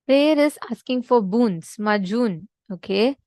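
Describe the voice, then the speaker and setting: A woman leading a devotional teaching session in a fairly high voice. She speaks earnestly and emphatically, repeating her key points to stress them. The sound is dry and close, with little room echo. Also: expressive, slow pace, a little mellow. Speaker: spiritual teacher.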